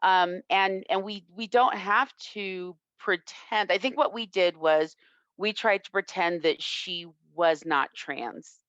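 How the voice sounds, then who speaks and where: A woman self-defense instructor telling a personal story in an interview, reflective and earnest with halting restarts. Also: medium pitch, a bit bright, no echo. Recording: dull lo-fi, dry sound.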